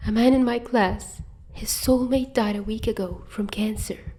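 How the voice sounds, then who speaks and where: Woman voicing a quiet, shaky, steady young woman. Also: a little high, measured pace, close to an everyday voice. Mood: quiet comfort. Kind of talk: podfic reading.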